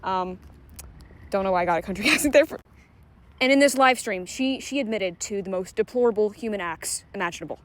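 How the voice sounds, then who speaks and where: A woman's voice: medium pitch, lively intonation, a little fast, no echo. A woman giving casual online commentary, talking frankly with lots of fillers and swearing. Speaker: commentary YouTuber.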